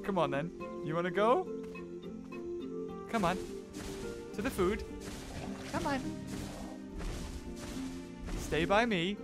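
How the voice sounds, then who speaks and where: A young man giving excited commentary while playing a survival game, laughing often and putting silly lines in the creatures' mouths. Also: sits high, slow, long pauses. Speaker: gaming YouTuber. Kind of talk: let's play commentary. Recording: game music behind.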